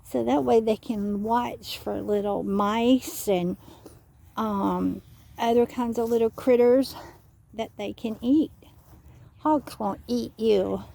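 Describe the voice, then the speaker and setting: A woman's voice: mid-range voice, fairly even intonation, slow pace, creaky, warm tone. A woman leading children on an outdoor nature walk, speaking patiently like a teacher, asking them questions and spelling words out letter by letter. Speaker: children's educator.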